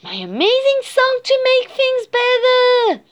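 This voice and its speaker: A woman voicing a gentle young female cat who sings high meows in a storybook. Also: sing-song, slow pace, heavily acted. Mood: hopeful.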